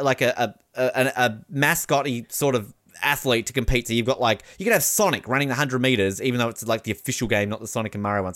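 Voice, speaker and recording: A man's voice: medium pitch, a bit bright. A man hosting a podcast, chatting casually in a joking, rambling way. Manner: joking, rambling, lots of fillers. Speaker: podcast host. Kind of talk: casual chat.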